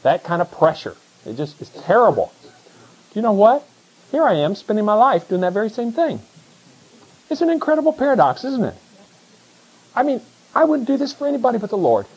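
Middle-aged male pastor, husky voice, chatty sermon delivery, drops low then lifts high. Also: fairly quick, pauses often, rough recording. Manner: conversational preaching, swings from hushed to excited.

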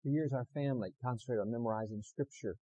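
A man preaching a sermon as pastor, swinging between loud emphatic passages and quiet conversational asides to the congregation. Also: medium pitch, quick pace, rough recording.

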